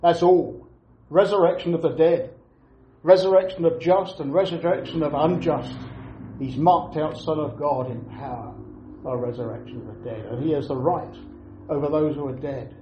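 In a fairly high voice, an earnest man delivers a sermon, driving each point home with repeated phrases and pauses. The audio is roomy and echoey, dull and lo-fi, with slight background noise.

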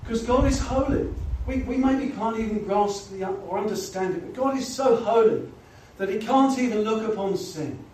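A man's voice: high voice, normal speed, few pauses, darkish tone. A man preaching a gospel sermon, earnest and pleading, often saying "you know". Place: church or gospel hall. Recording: echoey hall, voice from far off, faint noise.

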